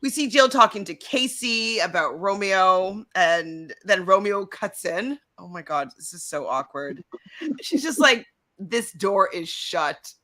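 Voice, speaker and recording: Bright-voiced woman recapping casually. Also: mid-range voice, expressive, unhurried. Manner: chatty, reads from her notes, laughs often. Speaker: podcast co-host recapping a reality show.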